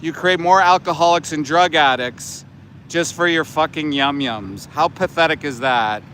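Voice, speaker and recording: A man's voice: a little high, measured pace, pushed and bright, a little hiss or hum. A middle-aged man doing livestream commentary outdoors, blunt, profane and indignant. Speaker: animal rights activist, livestreamer. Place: outdoors by a roadside.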